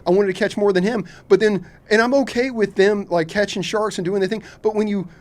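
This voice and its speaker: A man's voice: sits high, steady tone, fairly quick. A man from Kentucky, a fishing captain, talking bluntly and rambling in a casual podcast interview. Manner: blunt, candid, says he has no filter; rambling, repeats "man" and "you know".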